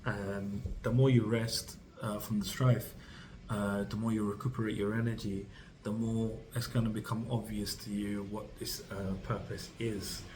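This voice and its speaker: A man's voice: lowish voice, little pitch movement, moderate pace, a little mellow, a little hiss or hum, poor audio. A man giving a tarot reading to camera, rambling and reassuring, speaking straight to the listener with many fillers and restarts. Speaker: tarot reader.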